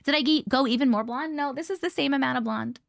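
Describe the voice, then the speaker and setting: A woman's voice: sits high, quick pace, creaky, no echo, clean studio sound. Bubbly, chatty woman livestream host. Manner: chatty and bubbly, casual swearing, frequent laughs; lively, greets viewers by name. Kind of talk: casual live-stream chat, reading viewer comments.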